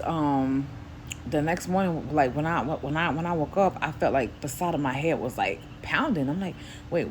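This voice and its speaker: Woman from New York, low voice, casual testimony storytelling, faint background noise. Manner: acts out quoted speech in a higher voice; grows quieter and softer later in the story. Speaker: Christian vlogger.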